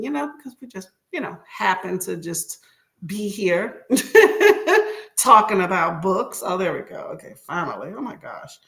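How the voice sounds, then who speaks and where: A woman's voice: medium pitch, a bit bright. A woman hosting a casual livestream, chatting with viewers by name and laughing often, her throat a little choked up. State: slightly choked up, clearing throat. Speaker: livestream host. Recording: echoey room.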